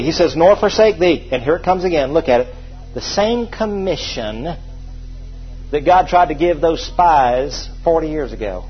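A man's voice: fairly high pitch, lively intonation, a little fast, husky, highs cut off. A man preaching a sermon, emphatic and repetitive, calling on the congregation to repeat phrases back to him.

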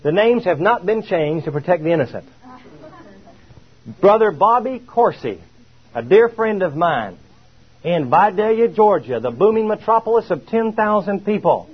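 Husky, emphatic preacher on a dull recording. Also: male voice, high-pitched. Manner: emphatic, drawn-out, rhetorical questions. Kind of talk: sermon.

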